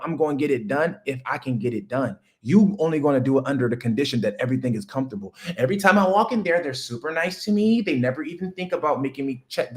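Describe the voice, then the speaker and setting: A man hosts a live stream, delivering a motivational rant in a fairly high voice. He talks loud and preachy, and his pitch leaps up whenever he hammers a point home. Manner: loud, preachy, swings high when emphatic. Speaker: livestream host.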